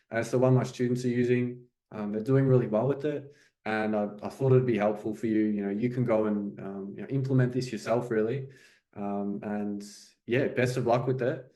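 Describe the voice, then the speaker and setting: A man coaching language learners in a loose, conversational monologue, often checking in with "okay?" and "right?". His voice sits at an ordinary middle pitch for a man. The room around him is noticeably echoey. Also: fairly even intonation, normal speed, warm tone. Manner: conversational, frequent fillers like "okay" and "you know". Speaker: French coach.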